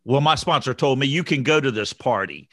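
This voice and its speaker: Reflective male co-host, animated delivery, dry mic. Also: mid-range voice, brisk, no echo. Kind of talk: casual group chat on recovery.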